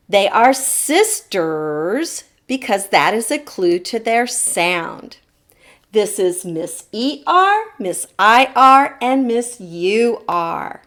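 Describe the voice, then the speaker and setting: A woman teacher leads a phonics lesson for children on a televised show. Her pace is slow and unhurried, and her pitch rises and falls a great deal as she models each sound. She asks the children to say the sounds back to her. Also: fairly bright tone. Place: TV studio lesson set.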